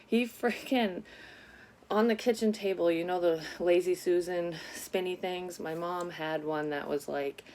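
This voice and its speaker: Speaking a little slowly in a steady, fairly low and slightly mellow voice, this woman is a psychic medium vlogger recounting something from her own life. Faint noise sits behind her as she drifts onto tangents, curses freely, and opens up candidly.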